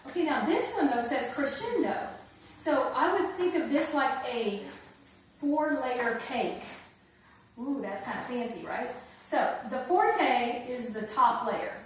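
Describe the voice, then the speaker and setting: A woman's voice: high voice, animated, a little slow, slight background noise. A woman giving a one-on-one piano lesson, singing counts aloud and coaxing her pupil along with frequent check-ins. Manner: sings counts and rhythms aloud while explaining; upbeat and coaxing, checks in with "okay?". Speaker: piano teacher. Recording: echoey room, far from the mic. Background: piano playing.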